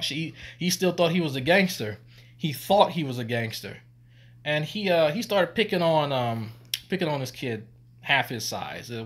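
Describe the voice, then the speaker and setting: A man's voice: a little high, a bit bright. A man, a former army medic, telling stories on a stream in a rambling, profane and laughing way. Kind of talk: casual storytelling on stream.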